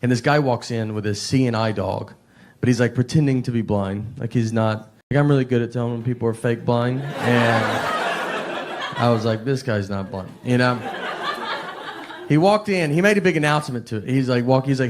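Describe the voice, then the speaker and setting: A man with a Tennessee accent telling stand-up stories in a deadpan, understated drawl with frequent filler words. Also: mid-range voice, brisk, noisy background. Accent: Southern US, Tennessee. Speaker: stand-up comedian. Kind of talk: stand-up comedy storytelling.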